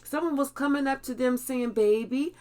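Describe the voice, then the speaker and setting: A woman's voice: mid-range voice, a little slow. A woman giving a spiritual tarot reading in a blunt way, swearing freely. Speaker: tarot reader.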